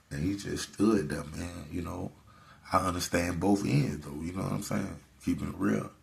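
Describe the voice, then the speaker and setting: Very deep, gravelly-voiced man. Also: steady tone, a little slow. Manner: laid-back, peppered with "man" and "you know". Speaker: host. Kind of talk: casual storytelling to camera.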